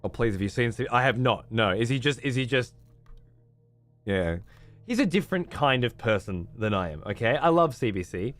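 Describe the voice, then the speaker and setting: An Australian man chats on his stream, loose and profane, and he laughs often. His pitch swings widely as he talks. Faint music plays behind him. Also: animated, moderate pace. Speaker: streamer host. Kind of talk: casual stream chat.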